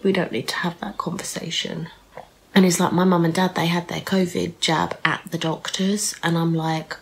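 A young woman with a British accent vlogs in a relaxed, rambling chat to camera. Her voice sits low with a gravelly fry, and a blocked nose makes it nasal. She talks frankly, with lots of ums and the odd swear word. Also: normal speed, slight background noise, rough recording. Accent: British English. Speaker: vlogger.

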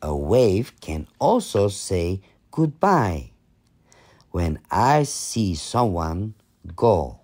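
A man reading children's picture books aloud for kindergarten, slow and sing-song. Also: low-pitched, big pitch swings, a little mellow.

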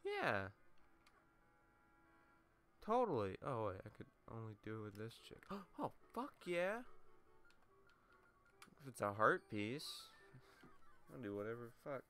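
A man's voice: fairly low pitch, sing-song, a little slow, pauses often, bright, forceful tone, clear, resonant tone, soft background music. Sweary young man narrating his game. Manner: sweary, self-mocking, talks to himself. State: runny nose. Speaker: let's play gamer. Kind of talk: casual gameplay commentary.

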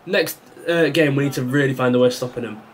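A man's voice: medium pitch, quick pace, slight background noise. Exasperated man playing a football game. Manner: reactive, exasperated, talks to the game. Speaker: gaming YouTuber. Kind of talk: live gameplay commentary.

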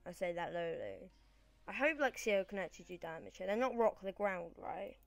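A woman's voice: medium pitch, animated, moderate pace, gravelly, no echo, soft background music. A British woman rambling casually through gameplay commentary, often correcting herself mid-sentence. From Britain. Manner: chatty, rambling, self-correcting. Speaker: gaming channel host.

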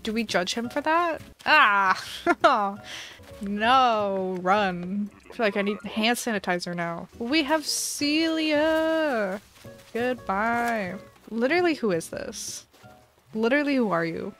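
A young woman streamer giving chatty, excitable commentary while playing a game, swinging between dramatic despair and delight. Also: on the high side, slow, soft background music.

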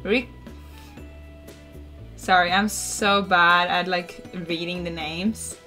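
A woman chats through a relaxed game stream. She reads the game's dialogue aloud and makes light fun of her own slips. Her voice is bright and sharp, over faint background music. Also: fairly low pitch, takes it slowly. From Norway. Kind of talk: casual live-stream chat.

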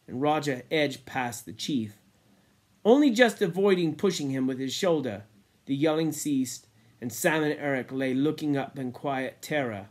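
A man reading a novel aloud in a measured way, sinking low and quiet at grim moments. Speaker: reader.

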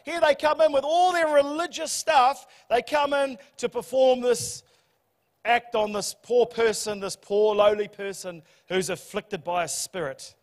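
A man preaching a sermon, telling the story in a humorous, animated way. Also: very high voice. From New Zealand. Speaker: pastor. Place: church hall. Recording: church hall reverb.

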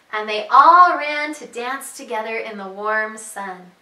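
A high, bright-voiced woman reads picture books to little children as their preschool teacher. She takes her time and sings the story with big rises and falls. The voice sounds off-mic, with an echoey room around it. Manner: slow, sing-song storytelling with lots of pitch leaps. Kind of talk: reading picture books aloud to young children. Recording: echoey room, voice heard from a distance.

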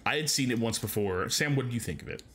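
A man's voice: medium pitch, lively intonation, fast talker, a bit bright, a little hiss or hum. A man co-hosting a podcast in casual chat, rambling enthusiastically with lots of filler words. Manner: enthusiastic fan. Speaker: podcast co-host.

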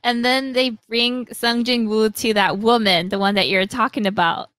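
A young woman hosting a podcast, animatedly retelling a story, acting out lines in quick voices and laughing often. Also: fairly high pitch, fairly even intonation, fairly bright tone, no echo. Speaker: podcast host. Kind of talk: casual chat retelling a story.

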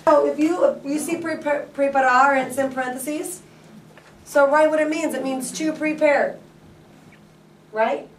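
A woman teaching a Spanish class, asking students questions and drawing words out slowly. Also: sits high, steady tone, slight background noise. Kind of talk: classroom lesson. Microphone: camera from across the room. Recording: echoey classroom from far off.

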